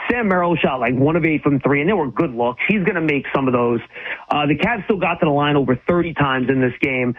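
A man calling in as an insider guest on a sports talk show, chatting casually with frequent stammered restarts. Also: on the high side. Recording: tinny phone line.

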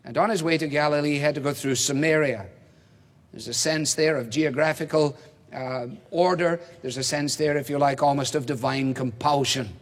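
A man preaching an expository sermon, measured and emphatic, posing rhetorical questions. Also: on the high side, fairly even intonation. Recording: reverberant hall.

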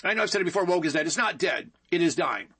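A man's voice: high voice, lively intonation, fast, fairly bright tone, husky. A man hosting a political talk show, delivering an opinionated monologue with emphatic repetition and frequent calls to "folks.". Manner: emphatic and repetitive, keeps addressing listeners as folks.

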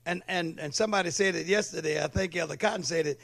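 A man's voice: fairly high pitch, quick pace, vocal fry, fairly bright tone. A male pastor preaching a sermon in church, calling for amens and checking that the congregation follows along. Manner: calls for amen and asks if the congregation follows.

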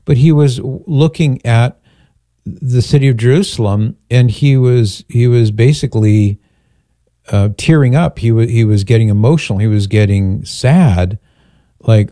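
A man's voice: mid-range voice, a little slow, dark tone, dry recording, clean studio sound. An older man, a grandfather, hosting a call-in radio show, speaking earnestly and reflectively with frequent restarts.

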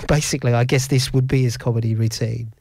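A man's voice: medium pitch, steady tone, fairly quick, creaky. A middle-aged man hosting a radio show, telling stories in a rambling, chuckling way. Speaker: radio host. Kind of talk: casual radio chat.

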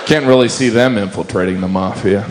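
A man doing a stand-up routine, animated, slipping into high silly voices for the characters he quotes. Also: brisk. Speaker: stand-up comedian. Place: live comedy venue with audience. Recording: live stage recording with audience and noise.

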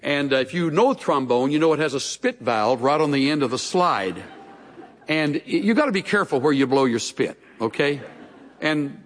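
Animated preacher in a big echoing hall. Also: male voice, on the high side, moderate pace. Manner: folksy storytelling with humorous asides. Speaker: pastor. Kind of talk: sermon. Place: large church hall. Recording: long reverb of a large hall.

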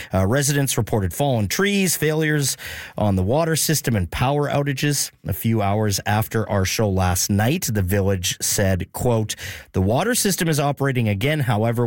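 A man's voice: medium pitch, dry recording, clean studio sound. A man hosting a radio show, talking casually and chatting with frequent fillers. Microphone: studio microphone.

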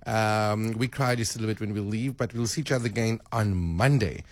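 A man's voice: lowish voice, fairly quick, dry recording. A man hosting a radio show, chatting casually and joking about himself. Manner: rambling, chuckling, self-mocking. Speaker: radio host. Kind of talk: casual on-air chat.

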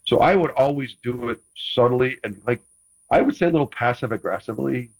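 A man's voice: medium pitch, fairly quick, breathy edge, low-quality recording. A man, a former quarterback, chatting casually as a guest, rambling with frequent restarts and playful teasing. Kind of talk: casual chat.

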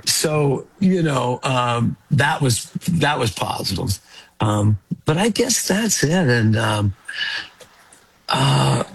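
A man, a musician guest in a radio interview, talking casually and haltingly with many fillers. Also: mid-range voice, very animated, gravelly, husky, no room sound. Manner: rambling, hesitant, many fillers.

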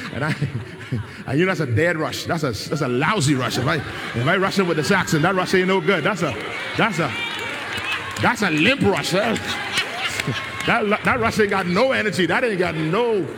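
Male pastor, high gravelly voice, shouted call-and-response, live church echo. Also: moderate pace, noisy background. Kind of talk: live preaching.

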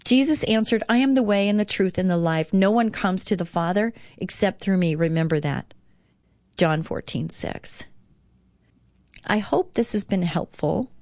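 A middle-aged woman, the host of a devotional radio talk show, reads and reflects with earnest encouragement, her voice rising on emphasized words. It's a mid-range voice with a darkish tone at normal speed, clean studio sound, and no echo.

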